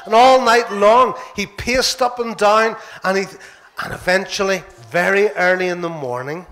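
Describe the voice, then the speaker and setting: A man with a Northern Irish accent, a minister telling a Bible story to children in church, playful and animated. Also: high-pitched, moderate pace.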